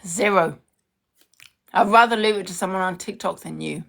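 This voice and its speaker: A young woman delivers a heated social media rant. Her voice has a gravelly, creaky edge. She is confrontational and hammers points home by repeating herself. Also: medium pitch, moderate pace, fairly bright tone.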